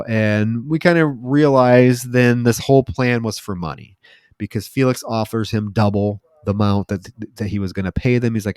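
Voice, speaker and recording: A man co-hosting a podcast casually retells a horror movie's plot, swearing a lot and quoting lines in an animated, profane way, doing the voices. His pitch is medium, his pace moderate, and there is no echo.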